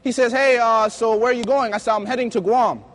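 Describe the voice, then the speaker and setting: Male preacher, very high voice, lively anecdotal sermon style. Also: brisk. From United States. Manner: lively storytelling, acting out dialogue. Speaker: youth preacher. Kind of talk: sermon with personal stories.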